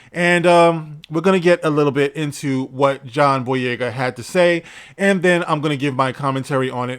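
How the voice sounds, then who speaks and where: A man hosting an opinionated commentary video, reading from a news article and answering it in a sarcastic, emphatic way with blunt profanity. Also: mid-range voice. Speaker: commentary channel host.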